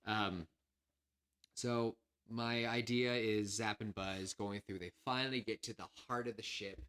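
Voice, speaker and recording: A man with a drawl co-hosts a casual podcast. He rambles, gets excitable and acts out scenes as he talks. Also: fairly low pitch, measured pace, clear, resonant tone. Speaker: podcast co-host. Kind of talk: casual chat.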